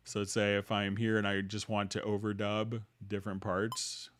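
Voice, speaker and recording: A man with a fairly low voice hosts a casual live tutorial and answers viewer questions on the fly. He talks in loose, halting phrases and restarts often. The sound is dry and close, with no room echo. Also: level tone, a bit bright. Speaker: livestream host demonstrating music software.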